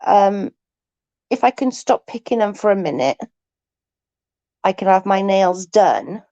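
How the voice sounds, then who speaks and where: A woman's voice: mid-range voice, lively intonation, unhurried, mellow, no room sound. Tired woman streamer with a bit of a stutter, chatty, dry dull lo-fi mic. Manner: chatty, trails off into restarts; mild stutter. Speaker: live-stream host. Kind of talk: casual chat with viewers.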